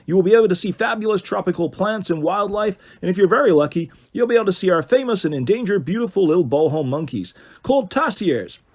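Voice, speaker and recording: Man doing a loud American tour guide. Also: high voice, lively intonation, quick pace, pitched above the performer's own voice. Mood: cheerful. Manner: loud, showy and upbeat.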